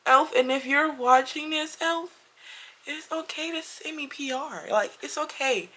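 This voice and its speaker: This woman, a beauty vlogger, has a high, sharp voice and speaks unhurriedly. She chats emphatically through a casual makeup review and storytime, repeating herself and addressing her viewers directly.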